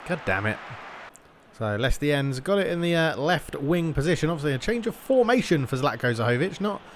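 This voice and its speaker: A man's voice: fairly high pitch, very animated, brisk, slight background noise. A young man giving casual gameplay commentary, thinking aloud and slipping into mock match commentary. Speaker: gaming YouTuber.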